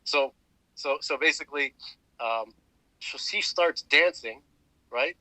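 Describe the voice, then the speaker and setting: Guy rambling through a story on a podcast, really bright tense voice, dry close sound. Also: fairly high pitch, slow, dry recording, rough recording. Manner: rambling storyteller, many fillers and restarts. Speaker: podcast co-host. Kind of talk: casual chat.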